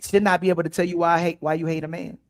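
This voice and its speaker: A man hosting a livestream talk show, arguing forcefully and repeating his points in a heated debate. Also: on the high side, little pitch movement, racing. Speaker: show host.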